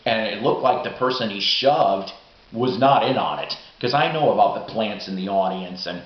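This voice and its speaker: A middle-aged man with a lowish voice tells old stories in a rambling, excitable way, swearing as he goes. The sound is dull and lo-fi, with a roomy echo and a faint hiss underneath. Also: normal speed. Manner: rambling, profane, excitable storytelling. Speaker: vlogger. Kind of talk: casual storytelling monologue.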